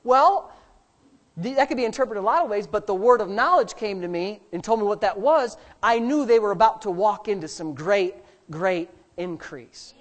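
Speaking at an ordinary speed, a male pastor gives a sermon full of sarcasm and energy, shifting between loud high peaks and low, quiet asides.

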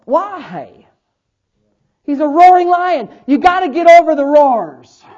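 A man preaching a sermon, quoting scripture and building to loud emphatic points. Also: very high-pitched, normal speed, highs cut off. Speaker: pastor.

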